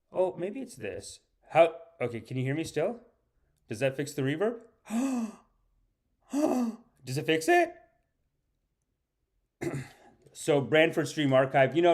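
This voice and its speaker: A man's voice: on the high side, darkish tone. A man hosting a comedic live-stream podcast, rambling and ironically boastful as he chats with viewers and reads their names.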